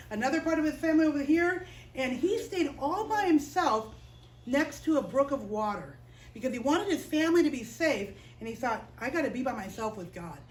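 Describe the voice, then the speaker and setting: A woman teaching children's chapel, telling a Bible story in an expressive, playful way and asking the kids questions. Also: high voice, rough recording.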